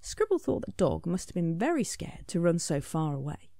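A woman reads her own picture book aloud, her voice swinging widely in pitch. The tone is mellow with a gravelly edge, and she slips into soft whispers. The sound is close and dry. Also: normal speed, no echo. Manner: expressive, soft drop-offs into whisper. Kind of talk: storybook read-aloud.

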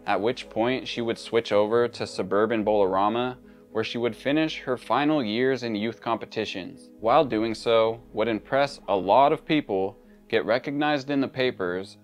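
A man narrating a true crime story in a conversational way, with casual asides. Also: mid-range voice.

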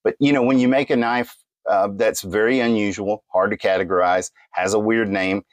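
A man's voice: lowish voice, fairly even intonation, normal speed, no echo. A man giving a casual product review of a knife, rambling along with many fillers and restarts.

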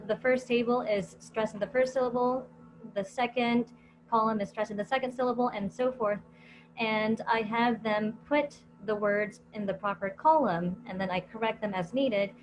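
Woman teacher explaining over background noise. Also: a little high. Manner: explanatory, step-by-step with frequent fillers. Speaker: ESL teacher. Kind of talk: panel discussion.

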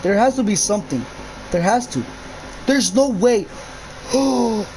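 A man's voice: high-pitched, lively intonation, normal speed, noisy background. A young man commentating his own gameplay of a horror map, jumpy, swearing a lot and yelping at scares. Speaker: gamer.

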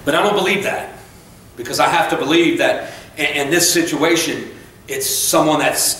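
A man preaching a sermon in a church, fired up and conversational, breaking off into quick asides and correcting himself. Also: on the high side, fairly bright tone. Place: church sanctuary. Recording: very echoey church room, voice from far off, faint noise.

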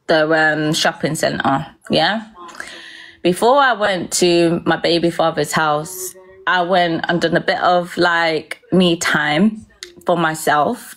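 Rambling woman, lowish voice. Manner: rambling, heavy swearing, frequent fillers. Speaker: vlogger. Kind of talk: casual personal storytelling.

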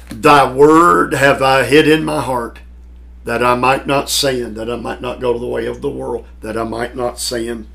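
A man preaching a sermon to a Bible class, emphatic, with dramatic pauses and swells in volume. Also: medium pitch, gravelly, fairly bright tone. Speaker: pastor teaching a Bible class.

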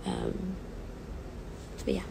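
A woman's voice: drawn-out words, background noise. A woman in her twenties talking on a phone livestream, nervous and near tears, hesitant and self-deprecating, with many fillers. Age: 20s. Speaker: pop singer on a livestream. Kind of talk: casual livestream chat. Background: sad song playing faintly.

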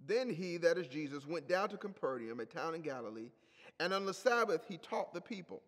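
A man's voice: fairly high pitch, expressive, a little fast, a bit bright, in a large hall. A male pastor delivering an emphatic sermon, repeating key phrases for emphasis.

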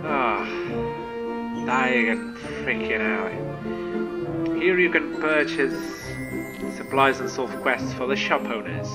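A man hosting a gaming video, giving excitable, animated let's play commentary to his viewers. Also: mid-range voice, measured pace, loud music behind the voice.

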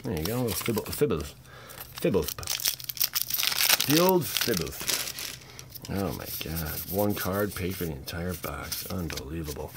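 A man hosting a card-opening video, narrating each pull with loud exclamations and low, awed mutters. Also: noisy background. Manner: exclamatory, swings between shouted excitement and low awed mutters. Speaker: channel host opening card packs. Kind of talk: excited card-opening vlog commentary.

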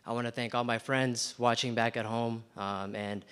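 A young man, a medical graduate, calmly thanking his family and mentors in a match day speech. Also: medium pitch, moderate pace, smooth. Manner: calm, thankful, steady.

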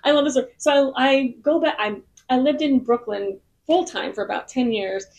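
Bubbly, gravelly-voiced woman songwriter. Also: sits high, normal speed, a little mellow, muffled recording. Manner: bubbly, rambling storyteller. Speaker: singer-songwriter guest. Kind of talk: casual podcast chat. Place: in Nashville.

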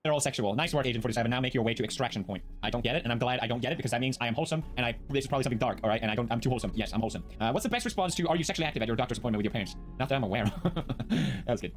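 A man's voice: mid-range voice, rapid-fire, soft background music. A man hosting a video, giving jokey reaction commentary on online posts at home and laughing often. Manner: animated, jokey, laughs often, talks to his pets. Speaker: video host.

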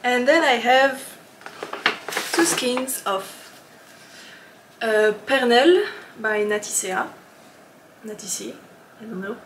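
A woman hosting a knitting podcast in a casual, chatty way, often laughing and pausing with ums. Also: on the high side, animated, fairly bright tone, reverberant, slight background noise. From lives in Switzerland.

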